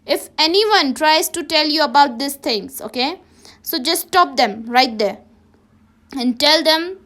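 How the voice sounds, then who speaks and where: A woman's voice: high-pitched, lively intonation, unhurried, fairly bright tone. A woman teacher with a Ladakhi accent, giving a classroom lesson and checking in with "okay?" after nearly every sentence, often restarting and correcting herself. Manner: many restarts and self-corrections.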